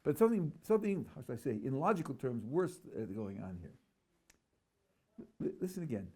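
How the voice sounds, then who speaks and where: A man's voice: medium pitch, very animated, a little fast, a little mellow, slightly rough. A rabbi teaching a class, reading a text aloud and analyzing it, stressing words and putting questions to his listeners. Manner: emphatic, acts out the dialogue he reads.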